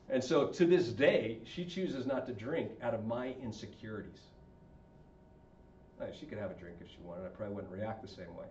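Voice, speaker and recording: Conversational and expressive, this speaker on marriage and relationships questions his audience while talking to a group. His medium-pitched, darkish voice moves a little fast. Recorded far from the mic in an echoey room, the sound is dull, with slight background noise.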